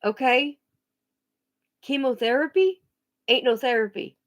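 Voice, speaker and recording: The vlogger speaks in a high, animated voice as she rants with blunt profanity. She stresses her points hard, yet keeps stopping, pausing and starting her sentences over.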